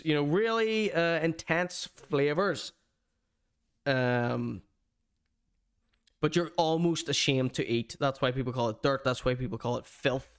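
A man's voice: fairly high pitch, clear, resonant tone. A man hosting a streamed show, giving a mocking, theatrical comedic rant.

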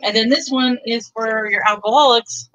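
A woman from Texas sells on a live online auction stream, chatty and bubbly, talking up each bargain as she shows the items. Her voice is bright and forward with a steady tone and normal speed, though the recording is muffled.

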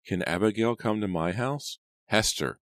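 A man's voice: on the low side, normal speed, fairly bright tone, no echo, voice pushed up, natural voice. A man reading an audiobook, voicing the gleeful, taunting ghost of a little girl in a raised, girlish voice.

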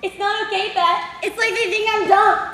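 A woman playing an overwrought housewife in a comedy sketch, melodramatic and laughing through rants and shouts. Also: very high-pitched, fairly even intonation, moderate pace. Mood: frantic. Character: overwrought housewife spiraling into comic outrage. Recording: roomy, faint background hiss.

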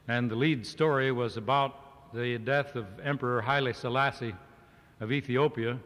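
A man's voice: mid-range voice, fairly bright tone. A man giving a humorous speech to a live audience at a farm organization meeting, using a mock-serious lecturing tone. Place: large hall with an audience. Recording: reverberant hall on archival cassette.

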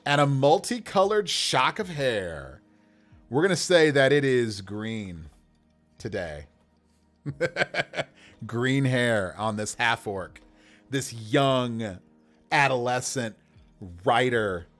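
A man's voice: medium pitch, expressive, slow pace, pauses often, a bit bright, faint music behind. A man running a casual livestream as game master, rolling dice to build characters, talking to viewers with enthusiasm and frequent laughter.

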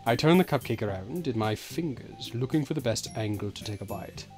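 A man co-hosting a let's play, reading game text aloud and dropping dry, deadpan quips. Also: medium pitch, a little fast, soft background music.

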